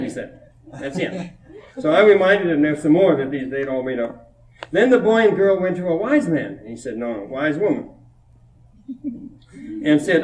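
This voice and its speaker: A man's voice: fairly high pitch, lively intonation, brisk, darkish tone. Amused man talking in an echoey hall. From Minnesota. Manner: chatty and amused, laughing between anecdotes. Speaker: poet giving a reading. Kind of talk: informal talk at a poetry reading, retelling a child's stories. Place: college hall before an audience. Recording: roomy echo, distant mic, old reel-to-reel tape.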